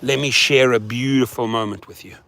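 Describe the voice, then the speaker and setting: A man vlogging as a rideshare driver, rambling to his viewers in a sing-song, chanting way that swings between hushed murmurs and excited whoops. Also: mid-range voice, brisk, no echo.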